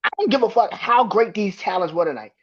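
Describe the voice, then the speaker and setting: Husky man ranting with swinging pitch. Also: animated, fast. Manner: profane, exasperated, repeats himself. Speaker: podcast host. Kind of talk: heated wrestling rant. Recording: dull lo-fi recording.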